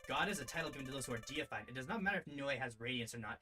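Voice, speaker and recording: A man's voice: mid-range voice, lively intonation, rapid-fire, bright, forceful tone. A man voicing an imperious, scolding ancient fire goddess and grandmother, with formal, grandiose speech, over faint music. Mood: haughty.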